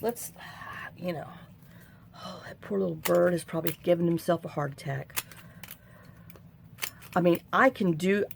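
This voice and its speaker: A woman's voice: on the low side, vocal fry, slight background noise. A middle-aged woman hosting a crafting tutorial at home, chatting in a rambling way with sighs and asides. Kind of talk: casual crafting tutorial chat.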